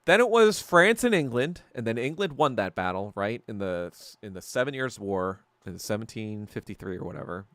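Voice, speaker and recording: A man's voice: lowish voice, very animated, normal speed, few pauses, a bit bright, no echo. A man hosting a podcast livestream, ranting in casual, profane commentary that wanders between topics. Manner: profane, rambling and heated. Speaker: podcast host.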